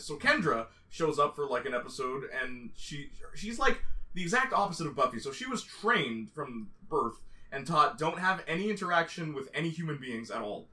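A young man in casual chat, excitedly recapping a TV series in quick, rambling stories. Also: on the high side, distant mic. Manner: fast, excitable storytelling, slips into quoted voices.

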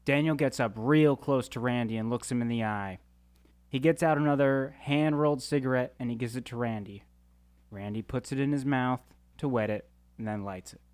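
A person reading stage directions for a comedy sketch in a measured way. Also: medium pitch, a little mellow, dry recording. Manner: measured narration.

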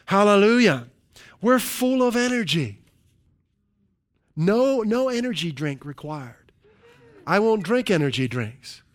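A man preaching a sermon in an animated way, with frequent calls of hallelujah and joking asides to the congregation. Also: high-pitched, slow, long pauses. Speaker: pastor.

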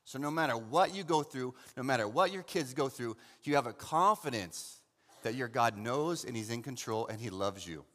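Male pastor preaching, loud then hushed, lots of hall echo. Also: mid-range voice, animated, normal speed. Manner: dramatic preaching that swings from loud and fervent to hushed and soft; addresses listeners as "saint". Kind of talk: sermon with Bible reading. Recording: long hall reverb.

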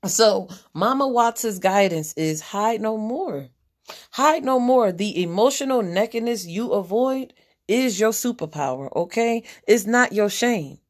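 A woman's voice: mid-range voice, expressive, unhurried. A woman hosting a podcast, giving a general spiritual reading as a blunt, profane pep talk that repeats its key lines.

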